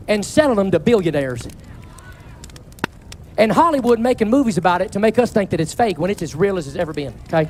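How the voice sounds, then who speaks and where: A pastor in his forties preaching a fiery, defiant sermon in a large tent, often shouting. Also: sits high, lively intonation, brisk, pauses often, a little hiss or hum. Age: 40s. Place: large tent before a congregation.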